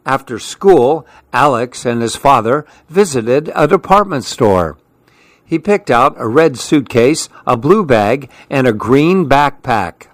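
A man hosting a radio children's story hour, reading picture books aloud in a gentle, friendly manner. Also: medium pitch, expressive, slow pace, no echo.

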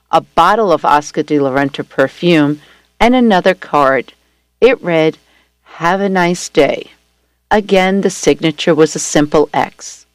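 A woman reading a first-person story aloud at a steady, gentle storytelling pace. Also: sits low, no room sound. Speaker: story reader.

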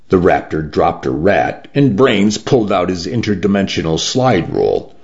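Man, audiobook narrator, low voice, very slow, lively pitch, muffled lo-fi recording. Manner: slow and measured.

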